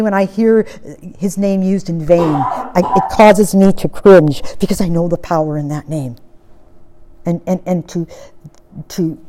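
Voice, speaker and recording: A woman preaching a sermon with impassioned, emphatic exhortation, swinging from loud declarations to hushed low asides.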